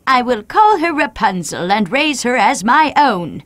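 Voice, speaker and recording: Woman voicing a scheming old witch, storybook, slow and drawn out, swooping high pitch, dry close sound. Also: big pitch swings, a bit bright, no room sound. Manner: slow, drawn-out, sing-song menace. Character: menacing old female witch, powerful and possessive. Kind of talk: animated storybook voice acting.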